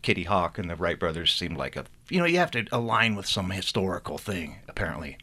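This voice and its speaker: Author guy joking around, really lively voice, bright and a bit low. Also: fast. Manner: playful, animated. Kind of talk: casual interview and reading aloud.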